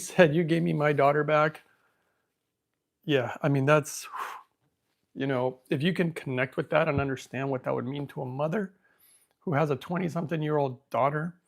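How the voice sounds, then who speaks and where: A man hosting a podcast, telling a story in a casual, rambling way, thinking out loud and becoming emotional. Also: on the high side. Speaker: podcast host.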